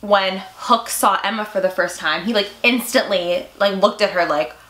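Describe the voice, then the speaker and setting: A young woman co-hosting a casual fan chat about a TV show, gushing and excitable, with lots of "like". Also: medium pitch, normal speed. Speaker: co-host. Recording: echoey room.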